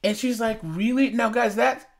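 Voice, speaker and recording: With a very high-pitched, creaky voice at an ordinary pace, a young commentary channel host reacts to chat logs he reads aloud. He sounds incredulous and entertained, breaking into frequent laughter.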